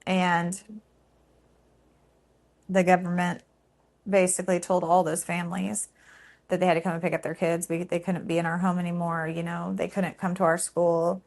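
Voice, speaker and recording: A woman's voice: lowish voice, flat delivery, vocal fry, a little mellow. Woman telling a painful memory. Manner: emotional, halting, many fillers. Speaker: storyteller. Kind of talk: personal storytelling.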